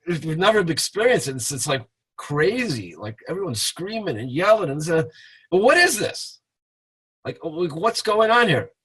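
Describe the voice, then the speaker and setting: A man's voice: on the high side, a bit bright, slightly rough. A man giving an informal webinar lesson, telling stories and now and then acting out chanting. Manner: storytelling with acted chanting. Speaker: webinar teacher. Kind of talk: informal teaching talk. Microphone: webinar call mic.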